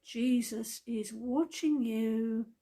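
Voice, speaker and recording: A cheeky talking parrot delivers its lines slowly and solemnly, as a woman puts it on. The voice is gravelly and a bit husky, sitting fairly high. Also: dark tone, full character voice. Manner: slow, solemn repeated warning.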